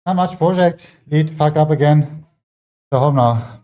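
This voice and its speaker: Working out in his home gym, a German-accented fitness streamer chats and rambles casually, leaning on many fillers. His warm voice is on the high side and his delivery is brisk.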